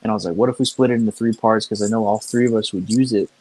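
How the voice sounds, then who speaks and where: A man's voice: fairly low pitch, fairly even intonation, very fast, a little mellow, dry recording, low-quality recording. A young man co-hosting a podcast, chatting casually in an easygoing way, often restarting and repeating words, recorded in a car. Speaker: podcast co-host. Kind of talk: casual chat. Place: inside a car.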